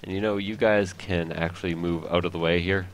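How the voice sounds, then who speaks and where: A man's voice: low voice, fairly even intonation, a little fast, a little hiss or hum. A man whose first language is French, rambling and joking at his own expense while commenting on a video game. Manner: rambling, joking, self-mocking. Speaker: let's play host.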